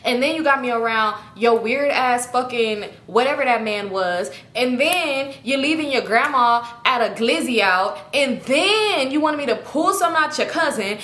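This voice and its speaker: Animated young woman telling a story. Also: sits high. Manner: animated, acts out quotes in other voices, swears freely. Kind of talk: casual storytime. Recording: echoey room.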